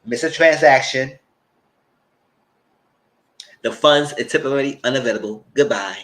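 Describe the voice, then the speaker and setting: A man hosting a TV recap channel, retelling a story loudly and dramatically, with swearing and "girl" and "y'all" asides, sometimes squealing high voices for the people he quotes. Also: measured pace. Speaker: channel host reviewing TV. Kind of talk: animated casual recap.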